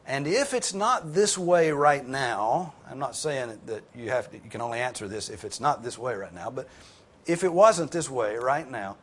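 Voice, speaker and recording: A husky-voiced man preaches expressively at a normal speed, with hardly any pauses, while teaching a Bible class through sermon and discussion. He's earnest and emphatic, breaks into casual asides, and pushes his pitch and volume up for emphasis.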